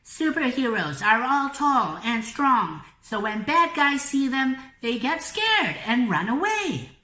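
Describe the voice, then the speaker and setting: A woman voicing a cheeky little dumpling kid in a high, squeaky, teasing voice. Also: very animated, slow, pushed and bright, exaggerated voice. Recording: echoey room.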